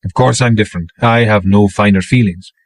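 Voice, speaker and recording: Man doing a naval petty officer, wry, mild, steady, low voice. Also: a little fast, no echo, natural voice, low-quality recording.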